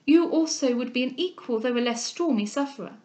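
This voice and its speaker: A woman reading the part of an older gentlewoman and mother, earnest and insistent, in a formal manner. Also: sits high, a little fast, close to an everyday voice.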